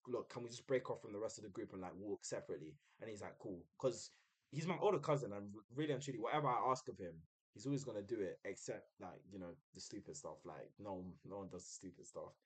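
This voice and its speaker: Young guy, streamer, relaxed slangy storyteller. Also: fast, breathy edge. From United Kingdom. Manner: chatty, uses slang, mimics others in a high voice. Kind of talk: casual storytelling.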